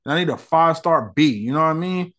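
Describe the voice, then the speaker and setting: A man hosting his own podcast, ranting casually in heavy slang. His pitch swings widely as he talks, rising when he gets heated and dropping low when he mutters. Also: animated, fast, fairly bright tone. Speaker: podcast host. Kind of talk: casual solo commentary.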